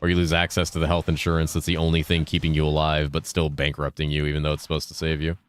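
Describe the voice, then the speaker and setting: Very deep-voiced laid-back man streaming. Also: completely flat delivery, smooth. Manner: laid-back, profane, reads and answers chat while playing; deliberately enunciated speaking voice, lifted inflection. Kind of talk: casual gaming livestream chat.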